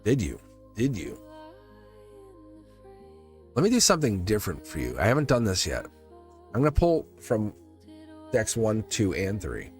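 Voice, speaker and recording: A man's voice: on the low side, huge pitch swings, moderate pace, pauses often, faint music behind. A man hosting a live tarot reading in casual spiritual talk, rambling and repeating phrases, chuckling often. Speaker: tarot reader livestream host.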